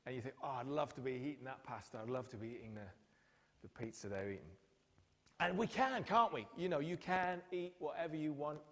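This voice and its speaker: A man's voice: medium pitch, fairly quick. A man preaching a sermon, telling the story with acted-out quotes. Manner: storytelling, acts out quotes with lively voices. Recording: long hall reverb.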